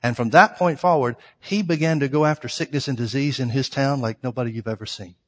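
A man's voice: medium pitch, a little fast. Man preaching in a reverberant hall. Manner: storytelling, earnest, addresses listeners as folks. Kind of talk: sermon.

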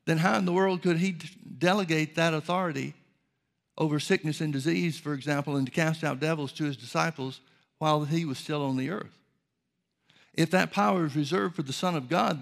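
Man, preacher, gravelly voice, slightly high pitch, measured sermon delivery. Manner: measured preaching, reads scripture aloud.

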